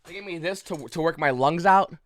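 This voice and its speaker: Male vlogger, breathless and coughing, rambling story to camera, fairly high pitch, dry mic. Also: a little fast, fairly bright tone, dry recording. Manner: rambling, with many restarts and coughs. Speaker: YouTube channel host.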